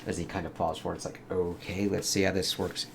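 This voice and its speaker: A man's voice: low voice, flat delivery, brisk, vocal fry, a little hiss or hum. A man giving a loose, casual comic book review, swearing freely and reacting as he reads. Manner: loose, swears, lots of "it's like". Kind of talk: casual review with read-aloud excerpts.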